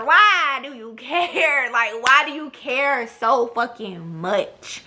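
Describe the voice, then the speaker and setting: A woman's voice: high-pitched, lively intonation, slow, pushed and bright, a little hiss or hum. A young woman, telling a blunt, profane storytime to her camera. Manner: blunt, profane, sassy, mimics others. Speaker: vlogger. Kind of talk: casual storytime monologue.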